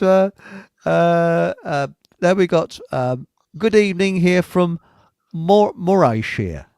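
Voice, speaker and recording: A man's voice: on the high side, vocal fry, dry recording, studio quality. A man hosting a live chat show, rambling and giggling as he reads out messages. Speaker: host.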